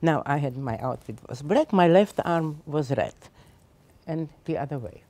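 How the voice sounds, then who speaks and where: A Holocaust survivor in her eighties, speaking a little slowly in a low, warm and animated voice, recounts her personal story to teachers at a seminar. She delivers it with emphasis and emotion.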